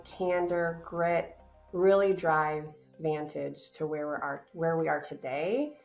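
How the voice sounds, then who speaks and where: A woman's voice: on the low side, creaky. A woman answering interview questions as a company business director, earnest and upbeat, with frequent fillers.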